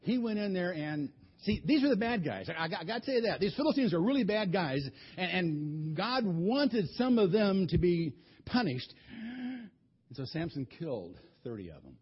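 A man's voice: sits high, big pitch swings, moderate pace, breathy edge. A man preaching, retelling a Bible story in a folksy, colloquial way with many restarts, on a dull lo-fi recording. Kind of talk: animated Bible storytelling sermon.

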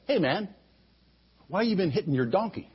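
A man playing a stern male angel, speaking quietly, calmly and firmly. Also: high-pitched, normal speed, breathy edge, muffled recording, exaggerated voice. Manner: quiet, calm, firm.

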